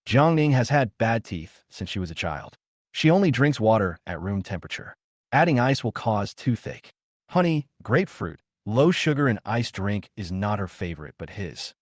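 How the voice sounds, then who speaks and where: A man narrating a scripted drama story in a steady storytelling manner. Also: on the low side, normal speed, no echo, clean studio sound.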